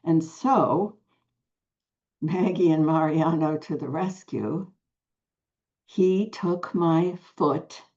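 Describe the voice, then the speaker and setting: An older woman telling a personal spiritual story to a group, slow and hushed, with long pauses and soft whispered phrases. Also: deep voice, highs cut off. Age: 60s or older. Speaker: spiritual teacher.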